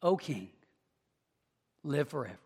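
Humble prophet in a slow, deep, solemn tone, done by a preacher; long reverb around it. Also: very animated, vocal fry, a little mellow, slightly rough, full character voice. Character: calm, humble male prophet speaking from a den.

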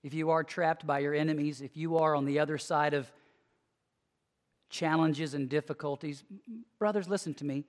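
A preacher delivering a conversational sermon, emphatic, swinging from lively to hushed. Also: mid-range voice, normal speed, pauses often. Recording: long hall reverb.

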